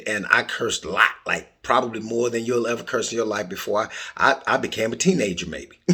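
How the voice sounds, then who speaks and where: A middle-aged man hosting a casual solo podcast, telling stories with loud bursts and quiet asides. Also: on the low side, slightly rough. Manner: animated storytelling, swings between loud bursts and quiet asides. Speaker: podcast host.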